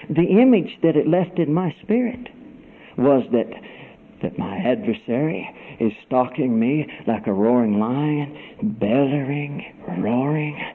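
A man preaching a sermon, swinging between loud cries and hushed whispers and calling the congregation "brother". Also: medium pitch, lively intonation, a little slow. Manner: dramatic swings from shouts to whispers. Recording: tinny phone-like radio broadcast.

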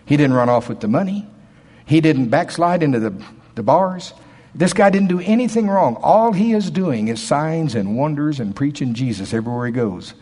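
A man preaching a sermon in a folksy, emphatic way, dropping to quiet asides and rising to loud, shouted passages. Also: mid-range voice, husky. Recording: long hall reverb.

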